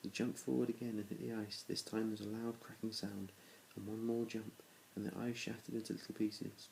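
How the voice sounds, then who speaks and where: A man's voice: on the low side, flat delivery, brisk, gravelly, a little mellow, a little hiss or hum, low-quality recording. A man reading a children's storybook aloud to his children, in a plain reading voice with small restarts. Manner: plain reading with small restarts, little change between characters.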